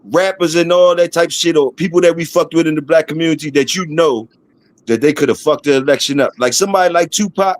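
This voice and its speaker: A man's voice: on the high side, fast talker, no echo. A middle-aged man with a Baltimore accent hosting a livestream, laid-back and laughing, in casual streetwise talk. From DMV area of the US. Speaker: livestream host. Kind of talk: casual chat.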